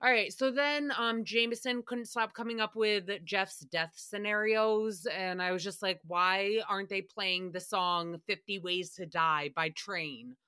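Woman, podcast host, profane, ranting, bright voice, dry sound. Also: mid-range voice, unhurried, few pauses, smooth, no room sound. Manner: sassy, profane, ranting, mock voices for quotes. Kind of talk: casual solo recap podcast.

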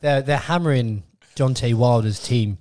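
Brief: male co-host, casual banter, average pitch, teasing. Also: moderate pace, a little mellow. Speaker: podcast co-host. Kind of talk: casual podcast chat.

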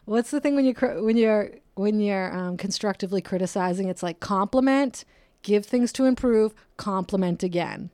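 A woman hosting her own podcast in a casual solo monologue, her voice swinging up and down with jokey asides and soft whispered moments. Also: medium pitch, normal speed, no echo. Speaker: podcast host. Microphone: close podcast microphone.

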